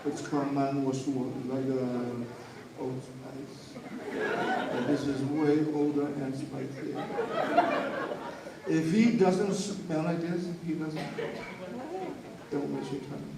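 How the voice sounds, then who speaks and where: A man's voice: medium pitch, steady tone, takes it slowly. A man presenting a live comedic demonstration, joking and teasing the crowd and calling for audience responses. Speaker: cultural show presenter. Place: outdoor show area with a crowd. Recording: echoey, distant, crowd noise.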